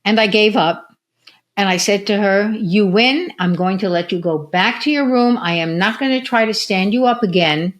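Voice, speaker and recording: An older woman speaks at a middling pitch as a podcast guest, recounting stories from her years as a physical therapist. She acts out the lines of the people in her stories, sometimes drawing words out slowly, sometimes squeaking them high. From United States. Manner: animated storyteller who acts out quotes. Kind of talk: casual storytelling interview.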